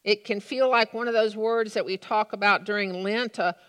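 A woman pastor delivering a sermon in a measured storytelling way, with dry humor. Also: mid-range voice, fairly even intonation, a bit bright, smooth, big-room sound.

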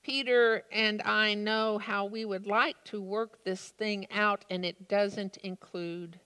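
A woman's voice: medium pitch, fairly even intonation, slow, bright, forceful tone, clean tone. A woman preaching a sermon, reading a story and then reflecting on it in an earnest, thoughtful way. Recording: long reverb of a large room.

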